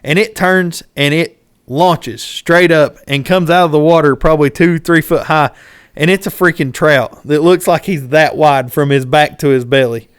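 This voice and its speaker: A man, hosting a podcast and telling a fishing story in casual chat, animated and acting out what people shouted. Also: a little high, moderate pace, smooth, no echo, studio quality. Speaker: podcast host.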